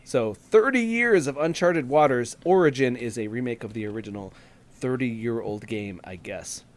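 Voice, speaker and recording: A man co-hosting a casual gaming podcast, playful and quick to laugh while reading out game blurbs. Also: mid-range voice, expressive. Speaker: podcast co-host.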